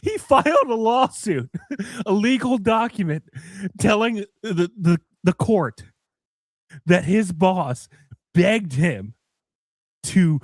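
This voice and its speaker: A male podcast co-host whose voice swings up and down animatedly as he tells the story, laughing between lines. He speaks slowly and deliberately, and the sound is dry. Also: sits high, expressive, dry recording. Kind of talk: casual comedic banter.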